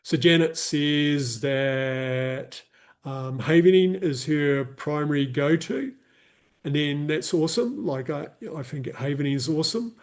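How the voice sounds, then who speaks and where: Slow, soothing man counting breaths. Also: on the high side. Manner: casual explaining with fillers, reads chat comments. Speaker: wellness coach leading a live session. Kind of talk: guided breathwork and live chat.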